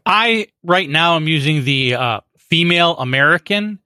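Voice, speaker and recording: A man co-hosting a casual tech podcast, measured and agreeable, often restarting his sentences. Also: on the high side, expressive, sharp tone, no echo, clean studio sound. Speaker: podcast co-host.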